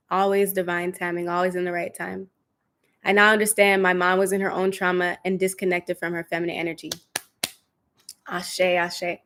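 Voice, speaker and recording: A woman's voice: mid-range voice, fairly bright tone. A young woman, a spiritual coach, leading a guided meditation and then talking to her livestream viewers in a soothing, affirming way, often repeating phrases. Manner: reads out viewer comments.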